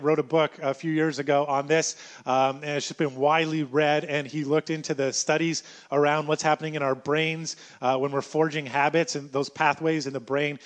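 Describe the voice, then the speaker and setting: A man preaching a sermon in an animated way, acting out everyday scenes as he talks. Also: a little high.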